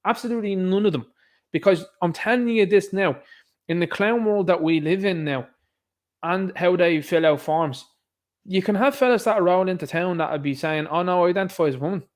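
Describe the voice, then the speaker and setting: Sarcastic Irish man, somewhat high voice. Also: normal speed. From Ireland. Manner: sarcastic, scoffing, mocks others in put-on voices. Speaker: online commentator. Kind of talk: solo commentary to camera.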